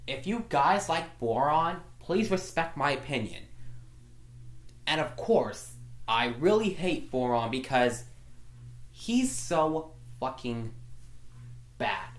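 A woman ranting in a frustrated, repetitive way, stumbling and restarting her sentences. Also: low voice. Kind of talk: angry vlog rant. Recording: echoey room.

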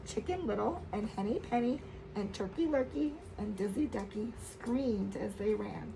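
Expressive woman reading a children's story. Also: mid-range voice, moderate pace, gravelly, slight background noise, rough recording. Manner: expressive, with loud dramatic outbursts. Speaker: camp storyteller.

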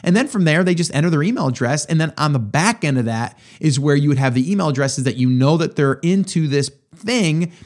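A man's voice: fairly high pitch, lively intonation, fairly quick, few pauses, a little mellow. A man hosting a podcast, answering a listener question in a conversational coaching way, often checking in with "right?". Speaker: podcast host. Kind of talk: casual advice answering a listener.

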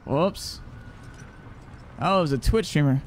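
A male game streamer with a fairly high voice talks casually through a match, addressing his chat in a loose, profane way. A faint hiss of noise sits under his voice. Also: slow. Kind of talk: casual live gameplay commentary.

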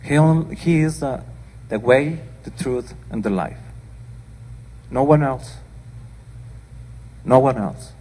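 An older man preaches a sermon, reading scripture and dropping in plain, earnest asides. His voice is husky and his delivery unhurried. The sound carries the long reverb of a church hall. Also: medium pitch, mellow. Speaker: pastor. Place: church sanctuary.

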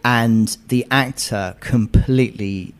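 A screenwriter being interviewed, chatting casually and telling animated stories with frequent restarts. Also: male voice, medium pitch, slow pace, smooth. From England. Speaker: screenwriter guest. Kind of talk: conversational interview.

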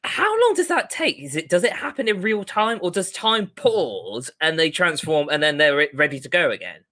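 A man co-hosting a casual podcast chat, animated and quick to act out scenes he retells. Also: on the high side. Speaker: podcast co-host.

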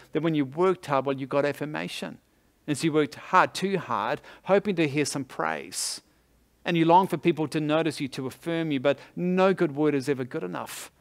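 A male pastor giving a conversational sermon, laughing easily and leaning on sports analogies. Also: medium pitch.

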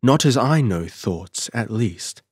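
A man's voice: mid-range voice, animated, takes it slowly, breathy edge, dry recording, clean studio sound. A man voicing an uneasy young woman haunted by dread, speaking anxiously and hesitantly in an audiobook.

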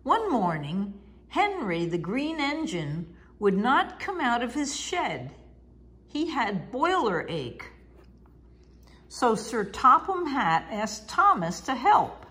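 A woman reads a children's picture book aloud at an unhurried pace. Her voice is lively and sing-song, rising and falling as she tells the story. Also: fairly high pitch. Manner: slow, expressive, sing-song.

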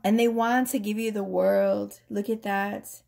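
A woman's voice: mid-range voice, flat delivery, a little slow, vocal fry, darkish tone. A woman tarot reader chatting casually with viewers, giggly, playful and sassy, laughing often. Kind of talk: casual tarot reading chat.

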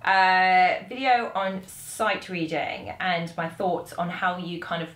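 A woman's voice: fairly low pitch, fairly even intonation, takes it slowly, a bit bright. A British woman, a young adult, giving a casual music lesson to camera, chatty and laughing at herself. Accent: British English. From Britain. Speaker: saxophone teacher. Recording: echoey room.

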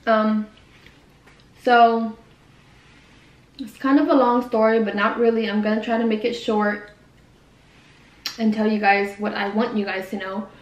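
The recording is reverberant and low in quality, capturing a young woman with a slightly high voice. She's doing a casual mukbang in a quiet room at home, rambling as she eats, correcting herself, and saying she talks fast.

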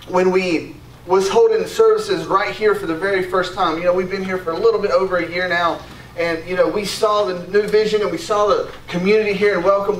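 A man with a high voice preaches a sermon with eager, conversational energy, often pausing to get the congregation to answer him. The sound is roomy and picked up from some distance, with a faint hiss of background noise. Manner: enthusiastic, conversational, calls for congregation responses. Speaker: pastor. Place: church sanctuary.

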